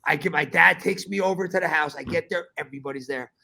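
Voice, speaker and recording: A man hosting a podcast, telling a story in animated casual chat, swearing often and calling his listener bro. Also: fairly high pitch, quick pace, gravelly. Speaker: podcast host.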